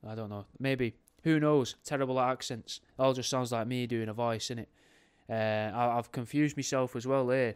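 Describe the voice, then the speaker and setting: A man's voice: medium pitch, fairly even intonation, normal speed, smooth. A man hosting a podcast in a casual, rambling, jokey way, often correcting himself mid-sentence. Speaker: podcast host.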